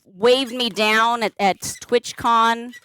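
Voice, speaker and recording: She's crafting balloon shapes during a live stream, chatting informally, naming viewers to greet or thank them, and wandering through fillers and restarts. The woman's voice is a little high and steady, slow-paced, pushed and bright, with a clean tone.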